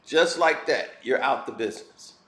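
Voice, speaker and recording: A man's voice: medium pitch, animated, moderate pace, fairly bright tone, a little hiss or hum. A man giving a blunt, heated and preachy opinion rant as a commentary vlogger. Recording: roomy echo.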